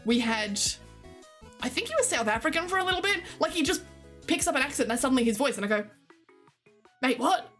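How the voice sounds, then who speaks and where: A young woman with an Australian accent talks off the cuff on a live stream, her voice sitting a little high. She rambles, swears casually and breaks into laughs, with faint music playing behind her. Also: lively intonation, quick pace, fairly bright tone. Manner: chatty, swears freely, laughs often, reads chat aloud.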